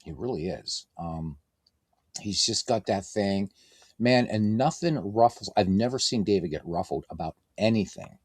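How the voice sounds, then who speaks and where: A man's voice: on the low side, expressive, moderate pace, no echo. A man hosting a baseball game stream, chatting casually and reading out lineups like a ballpark announcer, with playful self-mockery. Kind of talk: casual chat and play-by-play announcing.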